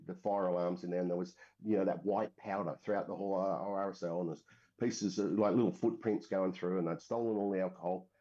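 With a mellow voice on the low side, an Australian-accented man from Western Australia, a former military member, rambles through a long story in a casual interview, using plenty of fillers and restarts. Recorded in dull, lo-fi audio.

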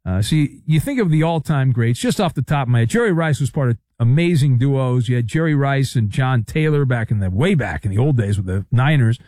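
A man's voice: medium pitch, animated, brisk, few pauses, dark tone, no room sound, clean studio sound. A man hosting a sports talk show, delivering a sarcastic monologue full of playful riffs and asides. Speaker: sports talk radio host.

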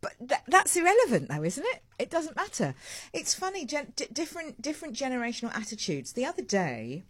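A woman's voice: sits high, a little fast, husky. Chatty woman radio host. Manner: chatty, digressive, animated asides. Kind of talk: live morning radio talk. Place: radio studio. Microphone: studio microphone.

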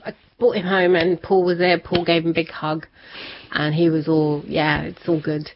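A woman's voice: deep voice, level tone, normal speed, a little hiss or hum. A woman telling a personal story in conversation, chatty, laughing often and acting out what people said. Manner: chatty, laughs often, acts out quoted voices. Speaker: interview guest. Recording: dull lo-fi sound.

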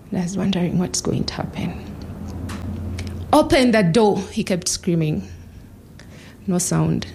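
Woman in her thirties, mellow and slightly low voice, for a measured, reflective personal story from the stage. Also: creaky, slight background noise, rough recording. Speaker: human rights lawyer giving a talk.

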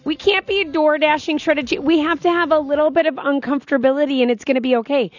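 A woman co-hosting a casual talk show, telling everyday stories in a chatty, animated way. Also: high voice, fast, lo-fi sound. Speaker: radio co-host. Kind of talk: casual on-air chat.

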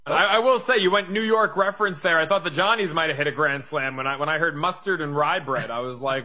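A man's voice: on the high side, quick pace, few pauses, sharp tone. A young man co-hosting a casual sports chat, wry and chatty, often stumbling over repeated words. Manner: stammers on restarts, wry and chatty. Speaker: co-host.

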